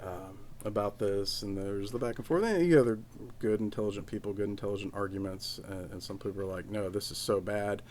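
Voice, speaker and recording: A man's voice: on the low side, a little mellow, slight background noise. A man hosting a casual solo podcast from home, rambling with many restarts and fillers. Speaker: podcast host.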